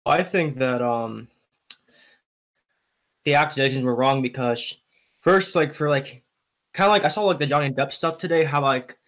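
A man with a mid-pitched voice, hesitant and halting, filling nearly every phrase with small filler words as he speaks on a casual voice call. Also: fairly bright tone. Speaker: call participant. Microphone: voice chat call.

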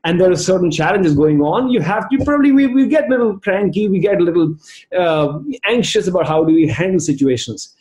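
A man giving a lively motivational training talk over a video call, telling stories and calling on participants by name. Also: sits high, fairly quick, echoey room. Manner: animated storytelling, addresses participants by name. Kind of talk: virtual training session talk.

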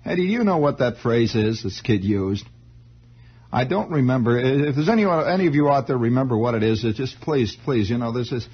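A man's voice: mid-range voice, fairly quick, breathy edge. A male radio host telling a digressive story in a monologue, stammering and restarting as he goes. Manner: digressive, animated, self-interrupting with stammered restarts. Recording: muffled 1960s radio broadcast.

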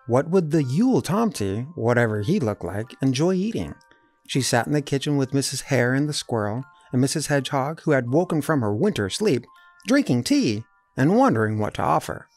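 A man reading a children's picture book aloud in a lively storytelling voice, with music playing softly behind him. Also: mid-range voice, normal speed. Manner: lively, animated character voices.

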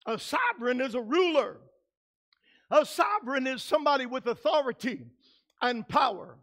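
A pastor preaching a sermon, emphatic and building to shouts, who acts out quoted voices in his own voice. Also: extremely high pitch, expressive, moderate pace.

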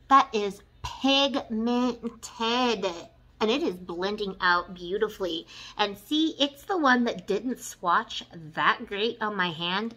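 A woman, chatting excitedly through a makeup tutorial and gushing over the colors. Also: medium pitch, poor audio. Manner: gushing, excitable, says "you guys" and "y'all". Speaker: beauty vlogger. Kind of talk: casual makeup tutorial chat.

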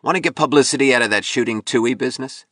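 A man's voice: medium pitch, very fast, sharp tone, dry recording, studio quality, pitched above the performer's own voice. A man voicing a broken, pleading young sculptor. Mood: suspicious, bitter. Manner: pleading, suspicious, voice cracking. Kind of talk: audiobook reading.

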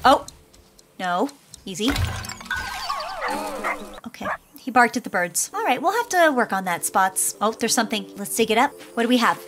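A woman's voice: a little high, animated, normal speed, long pauses. A woman commentating a cozy pet game, cooing sweetly at the puppies in baby talk. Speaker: gaming YouTuber. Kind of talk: let's play commentary. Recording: game music playing behind.

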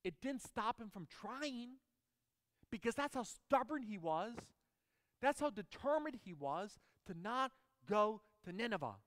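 A man's voice: high voice, big pitch swings, unhurried, a bit bright. Emphatic pastor, man, echoing sanctuary. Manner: emphatic, asks the congregation questions. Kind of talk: sermon.

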